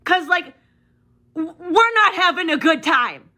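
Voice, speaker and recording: High, bright, furious ranting woman. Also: animated. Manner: profane, exasperated, listing in rapid bursts. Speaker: ranting video creator. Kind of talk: angry rant to camera.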